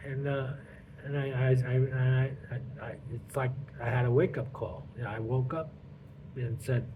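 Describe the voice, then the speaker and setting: A middle-aged man, a pastor, telling his life story in a halting way, repeating words and saying "you know" all the time. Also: medium pitch, steady tone. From Brooklyn, New York. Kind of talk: personal testimony. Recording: tinny phone-like line with clear noise.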